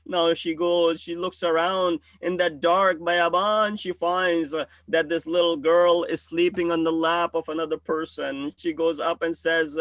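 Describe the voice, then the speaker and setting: A man's voice: a little high, fairly even intonation, unhurried, few pauses, fairly bright tone, no room sound. A man, a religious scholar, telling a solemn story in a mourning sermon.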